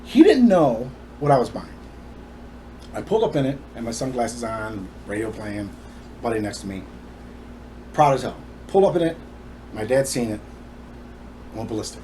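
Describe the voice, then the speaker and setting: A man's voice: medium pitch, big pitch swings, normal speed, pauses often, darkish tone, slight background noise. Emphatic man telling his own story. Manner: emphatic, indignant. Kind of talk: personal story to camera.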